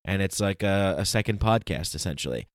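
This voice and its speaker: A man hosting his own podcast, talking through a solo intro in an animated, ranting, conversational way. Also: sits low, a little fast, no echo, studio quality. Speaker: podcast host.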